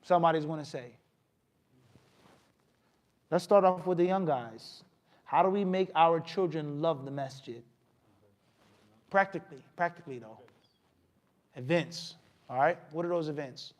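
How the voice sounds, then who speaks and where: A man gives a mosque lecture in a fairly high-pitched voice. He is animated and rhetorical, often asking the audience questions and acting out little scenes to make his point. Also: unhurried, long pauses. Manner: animated, asks the audience questions, acts out scolding. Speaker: imam giving a talk.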